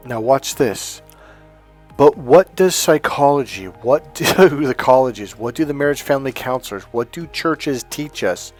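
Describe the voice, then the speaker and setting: A man's voice: mid-range voice, expressive, measured pace, a little mellow. A man coaching on dating, lecturing emphatically with stories and repeated points over faint background music. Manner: emphatic, repetitive lecturing with anecdotes. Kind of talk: teaching to camera.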